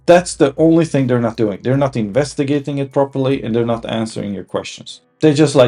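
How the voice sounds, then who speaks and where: Man, casual commentary, heated and rambling, mid-pitched, faint music behind. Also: expressive, normal speed, creaky, dark tone. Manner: heated, rambling with many restarts and fillers. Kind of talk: casual opinion monologue.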